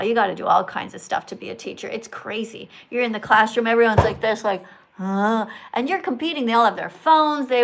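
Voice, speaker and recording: Woman, older, livestream host, teacherly, scolding, emphatic, somewhat high voice. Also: a bit bright, rough recording. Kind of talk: livestream chat with callers.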